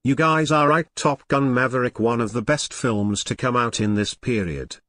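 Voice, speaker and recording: A male text-to-speech voice reading viewer donation messages in a flat synthetic way. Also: medium pitch, moderate pace, no room sound, clean studio sound.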